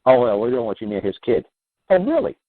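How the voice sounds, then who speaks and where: Man, middle-aged, fast-talking, blunt, rambling, host, tinny audio. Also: on the low side, fairly even intonation. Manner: blunt, rambling, swears freely. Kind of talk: call-in show monologue giving advice.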